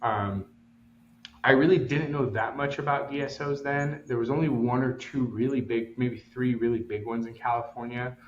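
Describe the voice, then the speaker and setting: A man's voice: medium pitch, steady tone, normal speed, echoey room, lo-fi sound, slight background noise. Rambling man telling a story. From Los Angeles. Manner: rambling, many fillers, acts out quotes. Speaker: podcast co-host. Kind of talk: casual storytelling chat.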